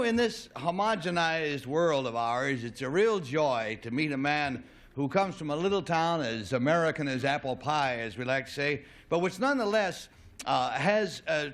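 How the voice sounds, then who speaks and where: A man's voice: a little high, fairly bright tone. A man hosting a television game show, genial and talkative, with a few hesitant fillers. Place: television studio.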